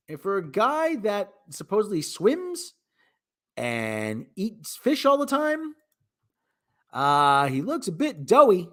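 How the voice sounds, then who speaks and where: A man's voice: on the high side, fairly bright tone. A man hosting his show, giving rambling, sarcastic, wisecracking commentary in a casual movie review. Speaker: host.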